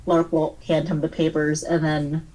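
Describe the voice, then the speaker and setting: A woman's voice: low voice, level tone, normal speed, dark tone, rough recording. A woman playing a tabletop game, describing her character's reactions in a dry, laid-back way. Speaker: player. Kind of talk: tabletop role-play.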